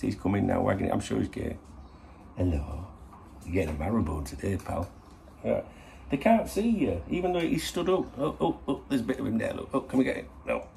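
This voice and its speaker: A man's voice: on the low side, very animated, brisk, dark tone, slight background noise. A middle-aged man, hosting a casual morning vlog to camera in a rambling, sweary, chatty way. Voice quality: gravelly. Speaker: football channel host.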